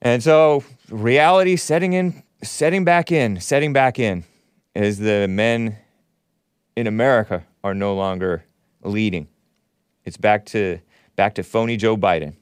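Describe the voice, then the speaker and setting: A man's voice: lowish voice, a little slow, smooth, no echo, clean studio sound. A man hosting a solo commentary show, sarcastic and given to chuckling at his own remarks. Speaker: show host.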